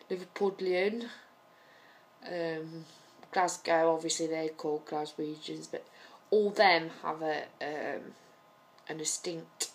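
Woman, Nottingham accent, slow unhurried pace, rambling, faint background noise. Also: sits low, vocal fry. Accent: Nottingham English. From Nottingham, England. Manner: rambling, hesitant with many ums. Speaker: vlogger. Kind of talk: casual to-camera chat.

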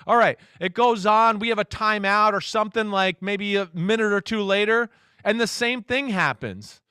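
A man who is a football analyst, a guest in a casual interview, telling stories in an animated way and acting out what others said. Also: sits high, moderate pace, clean tone, no room sound, clean studio sound. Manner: animated storyteller, acts out quotes.

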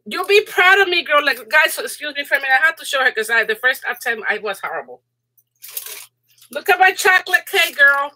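A middle-aged woman hosting a live crafting stream, chatting casually and excitedly with her viewers, laughing often, her voice rising high when she gets excited. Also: fairly quick. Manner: excitable, giggly, chatty, talks to viewers in chat. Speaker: crafting channel host.

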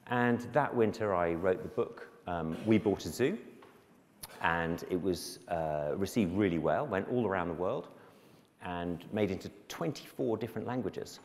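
A man's voice: low-pitched, measured pace, a little mellow, in a large hall. A man giving a storytelling talk to a school in a self-deprecating, anecdotal way, acting out the voices of other people. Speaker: guest speaker.

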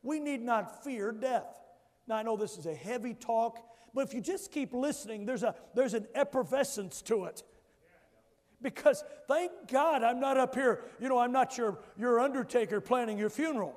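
A man's voice: very high-pitched, expressive, moderate pace. A male pastor preaching a sermon emphatically, calling on the congregation to answer back. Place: church sanctuary. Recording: long church hall reverb.

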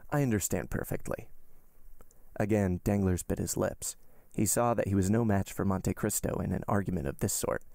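A man, a podcast host, reading a classic novel aloud in measured, even audiobook narration. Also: sits low, creaky, no room sound, clean studio sound.

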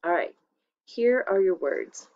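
A woman teacher dictates a spelling test for young children. She talks slowly and clearly, repeating each word and using it in a simple sentence. The recording sounds a little dull and lo-fi. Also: medium pitch, expressive, darkish tone.

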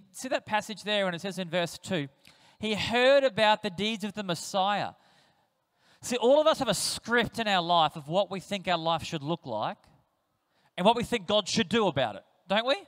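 A man preaching a sermon, telling stories in a lively way and acting out the voices of the people he quotes. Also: sits high, moderate pace. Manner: animated storytelling, acts out quoted voices. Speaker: pastor. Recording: reverberant church hall.

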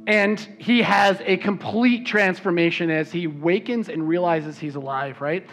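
A man's voice: sits high, unhurried. A man preaching a sermon as pastor, emphatic and repeating words when he stresses a point. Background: soft worship music.

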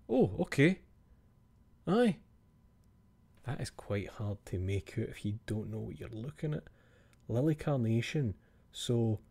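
A man's voice: medium pitch, gravelly, darkish tone. Chatty Scottish man, swearing, whispered asides. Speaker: streamer. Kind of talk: casual chat with stream viewers.

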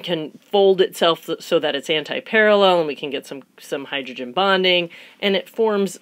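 A woman recording a biology tutorial lecture in a playful, chatty way. She fires off rhetorical questions, answers them herself, and puts on mock excitement. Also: on the low side, normal speed. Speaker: biology instructor.

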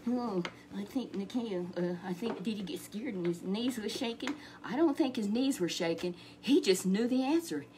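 A woman's voice: medium pitch, expressive, normal speed, few pauses, dark tone, a little hiss or hum. A woman telling a Bible story to a child in a chatty way, repeating words and asking questions.

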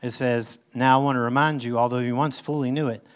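A man preaching a sermon as pastor, reading scripture aloud and explaining it conversationally with emphatic swings in pitch and loudness. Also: fairly even intonation, brisk.

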